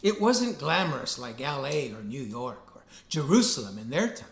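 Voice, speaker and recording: A man's voice: medium pitch, moderate pace, creaky. Guy preaching a sunday sermon, earnest, voice bounces around a lot, echoey room. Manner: animated, earnest preaching with rising emphasis. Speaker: pastor. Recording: roomy echo.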